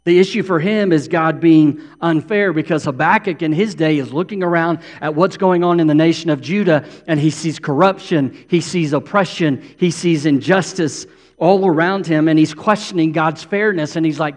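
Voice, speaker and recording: A man with a notably high voice delivers a sermon, earnest and building in intensity as he voices pleading prayers. His words carry a long reverb, as if spoken in a large hall. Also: normal speed. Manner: earnest preaching, voicing prayers with rising intensity. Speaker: pastor.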